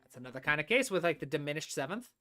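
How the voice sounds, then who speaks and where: A woman teaches music composition on a live stream, explaining things step by step, often drawing out words as she thinks and checking in with "all right?". Her deep voice swings widely in pitch, and she talks very fast.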